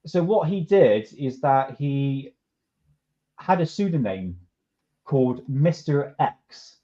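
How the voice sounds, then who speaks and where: Male podcast host, casual chat, dark mellow tone, dull lo-fi sound. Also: medium pitch, expressive, slow pace. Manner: laid-back, chuckling, restarts a lot.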